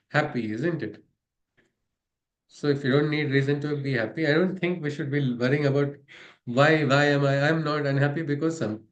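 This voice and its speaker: Indian man explaining spiritual letters. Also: fairly high pitch. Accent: Indian English. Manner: conversational, rhetorical tag questions. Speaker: spiritual study-circle leader.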